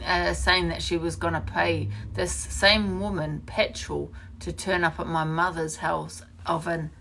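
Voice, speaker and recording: A woman's voice: on the low side, vocal fry, pushed and bright. A woman ranting angrily on a live stream, swearing and repeating accusations. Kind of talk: heated live-stream rant.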